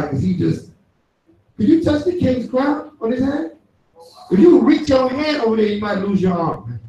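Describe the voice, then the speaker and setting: A high-voiced man breaks down scripture in a loose, playful, conversational way. He sounds distant from the mic. Heavy echo fills the worship hall around him. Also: mellow, muffled recording. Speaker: teacher leading scripture study. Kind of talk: preaching commentary on scripture. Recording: echoey hall, mic far off.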